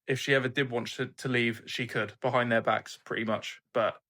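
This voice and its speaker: A man's voice: medium pitch, fairly even intonation, a little fast, pushed and bright. A young man hosting an anime reaction channel, recapping an episode in an earnest, emphatic casual way, swearing freely.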